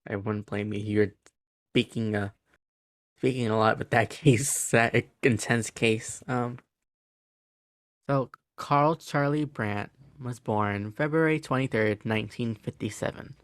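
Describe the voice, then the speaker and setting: A man's voice: mid-range voice, unhurried, no echo. Hesitant man, dry close sound. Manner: hesitant, many fillers and restarts. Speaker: podcast co-host. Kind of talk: casual chat, telling a case.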